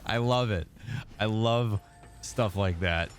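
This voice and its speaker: A man's voice: lowish voice, takes it slowly, slight background noise. A man from Indiana, a therapist streaming a game, chatting casually and answering his chat as messages come in. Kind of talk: casual livestream chat while gaming.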